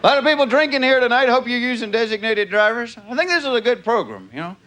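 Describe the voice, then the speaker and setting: A man's voice: very high-pitched, lively intonation, fast, sharp tone. A man with a Southern US accent doing folksy stand-up comedy with a drawling, punchy delivery. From American South. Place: live theater stage. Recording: live show with audience noise.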